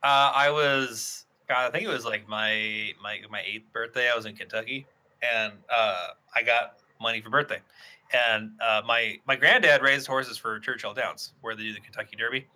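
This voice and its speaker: A man's voice: medium pitch, fairly even intonation, moderate pace, sharp tone. A young man telling rambling stories in a casual podcast chat, swearing and restarting often.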